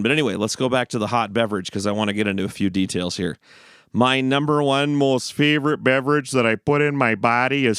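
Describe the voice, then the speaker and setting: Guy rambling on his show, lowish smooth voice, dry close sound. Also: no echo. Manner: rambling, repeats and restarts phrases. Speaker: host. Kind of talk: casual stream-of-consciousness monologue.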